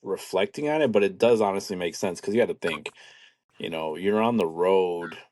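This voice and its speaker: A man co-hosting a podcast, talking in a relaxed, reflective way in loose run-on sentences. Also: deep voice, moderate pace. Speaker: podcast co-host. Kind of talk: casual podcast chat.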